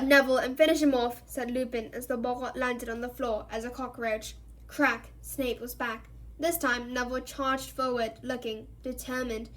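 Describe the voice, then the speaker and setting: A woman's voice: a little high, rough recording. A woman reading a novel aloud for a book club, narrating steadily and expressively.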